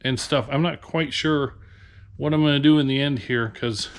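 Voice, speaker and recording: A man's voice of medium pitch and fairly even intonation, at normal speed, belongs to a Nebraska reseller. He's ranting to the camera inside a storage unit, sounding tired, frustrated, and rambling.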